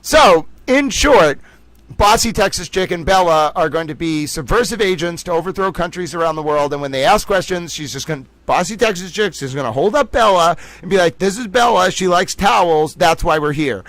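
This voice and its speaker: Man, livestream host, playful rambling chat, slightly high voice, dry close sound. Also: animated, fairly quick, a bit bright, no room sound, low-quality recording. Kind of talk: casual chat reading viewer comments.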